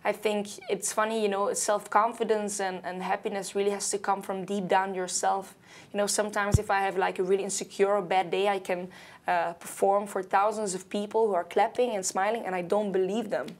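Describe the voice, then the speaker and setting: A woman's voice: medium pitch, little pitch movement, brisk. A young woman from Belgium, a singer talking casually in an interview, loose and chatty with many fillers and small slips. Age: young adult.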